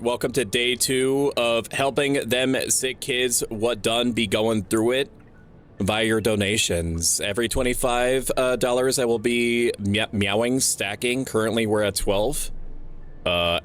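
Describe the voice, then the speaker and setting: A man's voice: lowish voice, a bit bright. A young man hosting a charity stream, chatting loosely and jokingly with many fillers. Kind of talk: casual streaming chat.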